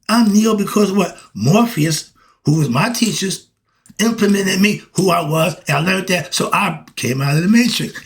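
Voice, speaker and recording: An older self-styled spiritual teacher delivers a preachy monologue to his viewers in a voice on the high side. He fires off rhetorical questions and swings between loud exasperation and quiet asides.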